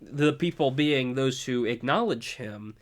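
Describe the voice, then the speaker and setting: A man preaching a sermon, asking his listeners questions and slowing down to stress his points. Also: medium pitch. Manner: asks the listeners many questions, slowing down for emphasis.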